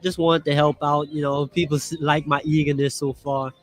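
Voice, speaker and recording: A man's voice: on the high side, little pitch movement, normal speed. A young man in his twenties, a guest at a live podcast, telling his story in long, meandering answers. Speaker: interview guest, actor. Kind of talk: casual interview answers. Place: live at a church health fair.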